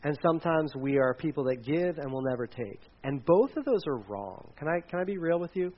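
A man's voice: a little high, expressive, fairly quick, muffled recording. A man in his forties, a pastor preaching a casual sermon with dad jokes and frequent fillers. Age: 40s.

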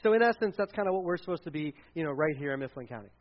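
High-voiced casual male pastor. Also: lively intonation, racing, dull audio. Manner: conversational, many fillers and restarts. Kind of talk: casual sermon.

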